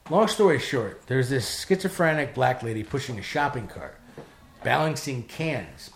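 A man tells a rough story in a loose, casual way. He is animated and profane, and he jumps into other people's voices as he goes. His voice sits at a middle pitch. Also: a little hiss or hum. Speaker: guest telling his life story.

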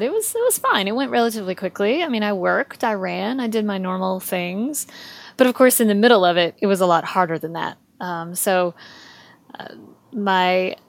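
Candid, chatty woman guest. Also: medium pitch. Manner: candid, chatty, frequent ums and laughs. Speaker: podcast guest. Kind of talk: casual interview chat.

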